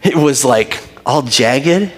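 A middle-aged man preaching in a church, his voice carrying through a hall with long reverb. He tells stories in an animated way, laughs often, and then settles into prayer. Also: medium pitch, takes it slowly. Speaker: pastor. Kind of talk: sermon. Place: church sanctuary.

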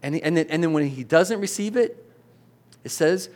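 A man's voice: a little high, lively intonation, moderate pace, a little mellow. A middle-aged man preaching a sermon as a pastor, in a conversational way, often checking in with "right?" and restarting his sentences.

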